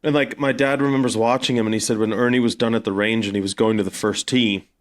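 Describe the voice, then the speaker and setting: A man's voice: medium pitch, steady tone, quick pace. A man from South Africa, a podcast co-host telling stories in casual chat, full of fillers. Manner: rambling storyteller, many fillers.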